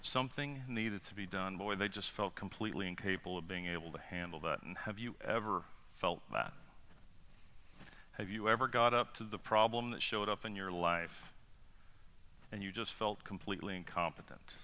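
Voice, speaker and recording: A male pastor preaches in an easy, conversational style. His voice sits fairly low but has a hard, bright, forceful edge. He keeps turning to the congregation with rhetorical questions. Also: moderate pace. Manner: casual and animated, asks the congregation rhetorical questions, acts out quotes. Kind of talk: conversational sermon.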